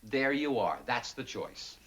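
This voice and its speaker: An actor playing a gentle, patient man who gives his girlfriend calm advice in a 1960s sitcom. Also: medium pitch, unhurried, very noisy. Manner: gentle, patient, calls her honey.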